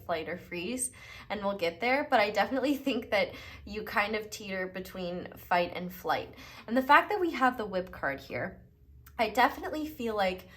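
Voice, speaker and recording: Woman, young adult, tarot reader, gentle, reflective, reassuring, medium pitch. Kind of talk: unscripted tarot reading monologue.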